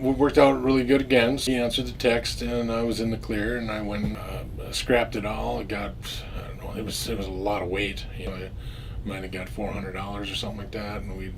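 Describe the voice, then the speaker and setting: A middle-aged man with a fairly low voice tells a long story in a loose, rambling way. He swears freely, trips over his words and starts sentences again, and acts out what each person said. A faint hiss sits under the recording. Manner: rambling and profane, with many restarts, acting out both sides of old conversations. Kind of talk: casual first-person storytelling.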